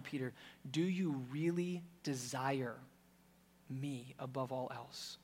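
A man preaching a sermon with passion, swinging from loud emphasis to hushed intensity. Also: high-pitched, big-room sound.

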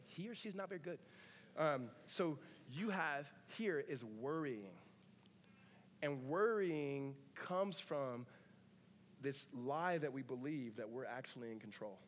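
A man's voice: mid-range voice, long reverb tail, slight background noise. A man in his thirties preaching a sermon in a church, conversational and joking, with many asides. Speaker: pastor. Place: church sanctuary.

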